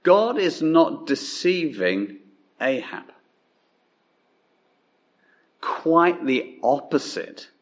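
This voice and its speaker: A male preacher giving a sermon in a measured, emphatic way, dropping low on key words. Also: very animated.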